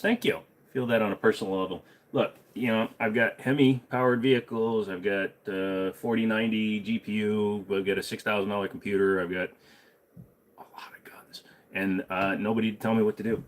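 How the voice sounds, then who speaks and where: A man's voice: lowish voice, fairly even intonation, brisk. A middle-aged man hosting a casual livestream, answering chat with blunt jokes and humming between topics. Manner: blunt, joking, trails off into humming.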